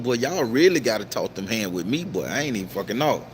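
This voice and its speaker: A man hosting a casual livestream and reading out viewer comments, talking in a profane, preachy, emphatic way with sudden high-pitched outbursts. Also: animated, brisk, a little hiss or hum. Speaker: tarot reader and livestream host.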